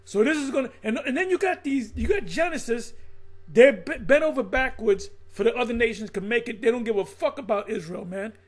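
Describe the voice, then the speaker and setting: A man's voice: extremely high pitch, animated, a little fast. A middle-aged man preaching and riffing off what he reads aloud, blunt and profane, calling people out as he goes. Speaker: religious teacher.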